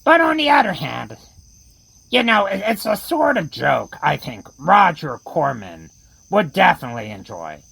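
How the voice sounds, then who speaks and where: A woman as the horror host of a comedy radio play, joking in a breezy, deadpan way. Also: low-pitched, a little slow, creaky, slightly rough, no room sound, low-quality recording.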